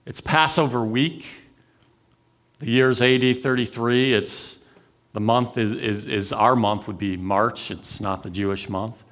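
A man preaching a sermon, telling the story with dramatic swings between raised intensity and near-whispered pauses. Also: mid-range voice, fairly even intonation. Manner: dramatic, swings from loud to hushed. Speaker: pastor.

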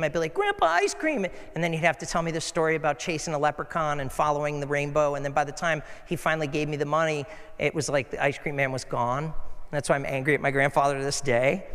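Middle-aged pastor preaching, chatty storytelling, slightly high voice, echoey church hall. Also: male voice, a bit bright, clear, resonant tone. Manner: storytelling, earnest, conversational. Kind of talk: sermon.

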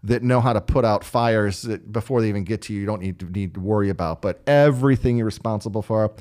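A man's voice: fairly low pitch, quick pace. A man who works as a line producer, telling stories in a casual interview and acting out the people in them. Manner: animated, acts out voices.

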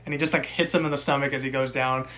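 A young man co-hosting a casual podcast, recapping a wrestling match with profane, animated rants. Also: medium pitch, rapid-fire. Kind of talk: casual chat.

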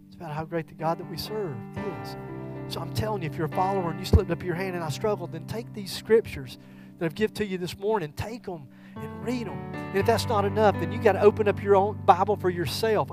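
A middle-aged man preaching a sermon as a church pastor, moving between loud, fervent declarations and soft, earnest talk. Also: sits high, expressive, fairly quick. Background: guitar music.

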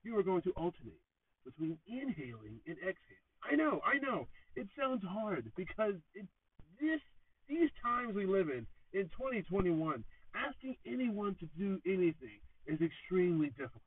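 A man's voice: very animated, normal speed, slight background noise. Sarcastic man, thin phone-like podcast audio. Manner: sarcastic, self-mocking, theatrical swings in pitch and volume. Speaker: podcast host. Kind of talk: joking solo podcast monologue. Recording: tinny phone-like sound, distant from mic.

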